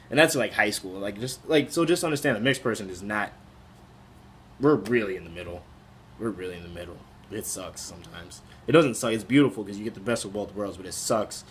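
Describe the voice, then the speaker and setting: A man's voice: mid-range voice, a bit bright, a little hiss or hum. Candid young man rambling to camera. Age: 20s. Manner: candid and rambling, many restarts and "like"s. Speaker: vlogger. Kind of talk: casual talk to camera.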